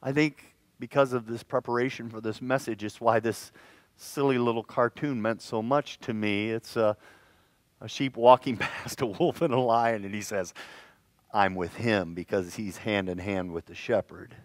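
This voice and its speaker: Man preaching, swings soft to loud. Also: medium pitch, normal speed, no room sound. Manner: animated storytelling, swings from hushed to loud. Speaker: pastor. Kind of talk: sermon. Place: church sanctuary.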